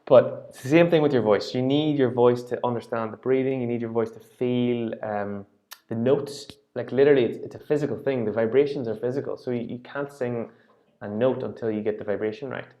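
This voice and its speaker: A man's voice: medium pitch, a little fast, dark tone, muffled recording. A man teaching a singing lesson, patiently explaining rhythm and singing short phrases to demonstrate.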